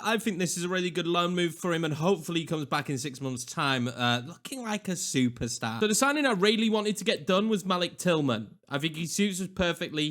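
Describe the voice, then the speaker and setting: A young man with a Yorkshire accent giving casual, excitable commentary over a football video game, chatty and quick to swing between hype and grumbling. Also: high-pitched. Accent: Northern English (Yorkshire). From England. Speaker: gaming YouTuber.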